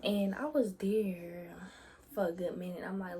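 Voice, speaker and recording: A young woman vlogger telling a story about her faith in a casual, chatty way, often dropping into soft whispered asides. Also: medium pitch, unhurried.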